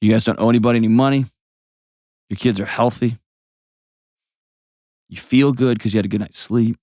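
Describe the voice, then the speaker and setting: A man's voice: mid-range voice, fairly even intonation, a little fast, long pauses, a little mellow, dry recording, clean studio sound. A man hosting an advice call-in show, talking bluntly and painting vivid scenes as he coaches a caller. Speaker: host.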